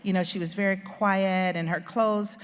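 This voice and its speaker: A woman author giving a humorous, animated storytelling speech into a stage microphone. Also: medium pitch, normal speed, clean tone. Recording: long hall reverb.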